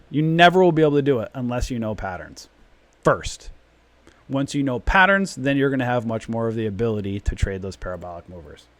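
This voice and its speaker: A man's voice: mid-range voice, no room sound. A man hosting a live trading stream, talking emphatically and repeating his points in a long rant. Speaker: trading room host.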